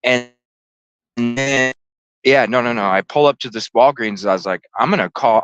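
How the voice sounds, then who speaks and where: A man's voice: medium pitch, normal speed, a bit bright, clear, resonant tone, no echo, dull audio. A man hosting a podcast, telling a story casually and animatedly, swearing and acting out the voices. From lived in Chicago. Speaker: podcast host.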